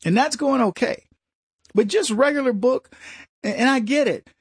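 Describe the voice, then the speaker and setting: A man hosts a talk radio show in a high voice, animated and sarcastic. His voice is close and dry, with no room sound. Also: normal speed, slightly rough, no echo.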